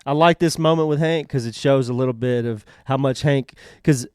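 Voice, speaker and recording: A man's voice: medium pitch, normal speed, a little mellow, clean tone, no echo, clean studio sound. A man co-hosting a podcast, offering factual asides in casual chat and apologizing for interrupting. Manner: adds fact-heavy asides, apologetic about interrupting. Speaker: podcast co-host.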